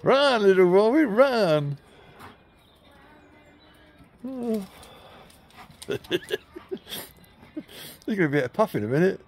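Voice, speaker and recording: This man's high, sing-song voice moves slowly, with long pauses and a little hiss or hum on the recording. He's chatting casually to his dogs in a garden while filming them on a handheld camera, laughing, teasing and cheering them on.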